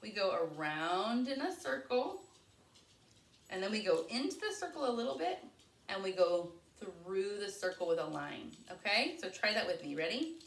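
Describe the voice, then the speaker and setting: Woman preschool teacher, mid pitch, unhurried, sing-song and encouraging; roomy echo. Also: big pitch swings, recorded from a distance. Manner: slow, clear, encouraging sing-song delivery. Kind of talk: circle time lesson for young children. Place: home. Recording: echoey room.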